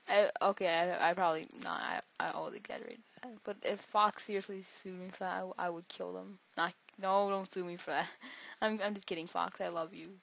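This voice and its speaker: A woman does let's-play gameplay commentary in a lowish, slightly bright voice with vocal fry. She rambles, jokes and talks to herself as she plays, and the recording is dull and lo-fi.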